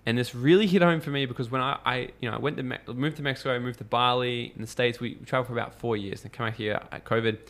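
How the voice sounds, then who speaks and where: A man, a podcast guest telling lively stories in casual conversation, acting out quotes and swearing freely. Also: mid-range voice, fast, hardly any pauses. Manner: animated storyteller, acts out quotes, swears freely.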